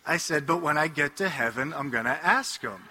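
Bright-voiced priest preaching with jokes. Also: male voice, on the high side, normal speed, breathy edge. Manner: animated, joking storyteller. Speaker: Catholic priest. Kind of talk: humorous preaching to a live audience. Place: hall before an audience. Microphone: headset mic.

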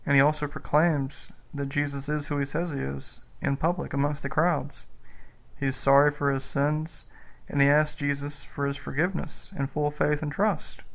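A man giving a slow, earnest spoken meditation on the rosary mysteries as a preacher. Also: fairly high pitch, little pitch movement, creaky, a bit bright, rough recording.

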